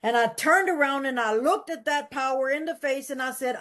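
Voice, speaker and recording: A woman's voice: high-pitched, moderate pace, hardly any pauses, fairly bright tone. A woman giving a candid, emphatic personal testimony at a recovery meeting, often repeating words for stress. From Texas.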